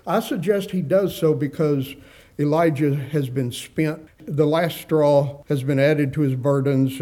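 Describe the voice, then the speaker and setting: A man preaching a sermon, earnestly asking his congregation questions, dropping softly on gentle phrases and rising for emphasis. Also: fairly high pitch.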